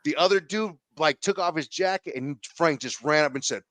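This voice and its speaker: A man's voice: on the high side, moderate pace, dry recording. A man casually telling a rowdy story as a podcast guest, slangy and profane, acting out the quotes. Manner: slangy, profane, animated retelling with acted quotes.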